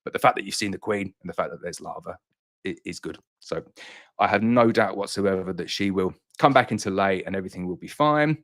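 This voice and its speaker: Breathless low-voiced man hosting a live Q&A. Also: fairly quick, a bit bright. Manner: chatty, reassuring, answers viewer questions with restarts. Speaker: beekeeper and honey business owner hosting a live Q&A. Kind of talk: casual live-stream Q&A chat.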